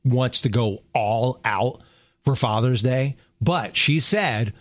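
A man's voice: medium pitch, slow, dry recording. A middle-aged man co-hosting a radio show, chatting easily about home life and laughing often. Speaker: radio co-host. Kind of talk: casual morning radio chat.

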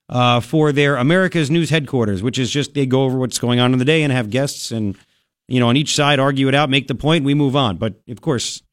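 A man's voice: medium pitch, no room sound. A man hosting a talk radio show, delivering a brash, sarcastic, opinionated monologue into a studio microphone.

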